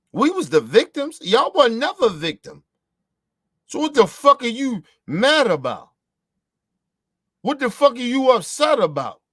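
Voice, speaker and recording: A man's voice: high voice, a bit bright, no echo, clean studio sound. A man from the United States delivering a heated, profane, repetitive ranting monologue as a show host.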